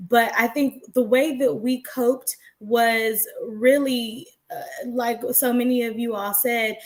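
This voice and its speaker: A woman panelist sharing her grief in a measured, reflective way with hesitant pauses. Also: a little high, a bit bright. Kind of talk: personal testimony.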